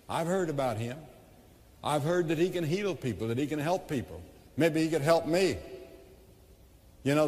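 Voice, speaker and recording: A man's voice: mid-range voice, a little mellow. A man with a Southern American accent preaching a crusade sermon, telling a Bible story earnestly and rising into fervent pleas. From United States. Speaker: evangelist preacher. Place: large arena with long reverb. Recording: long echo of a large hall.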